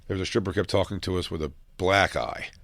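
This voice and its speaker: Low-voiced man telling rambling bar stories. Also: fairly even intonation, fast, a bit bright, dry recording. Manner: rambling, profane, acts out drunk fans in raised voices. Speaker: podcast co-host. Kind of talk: casual chat, storytelling.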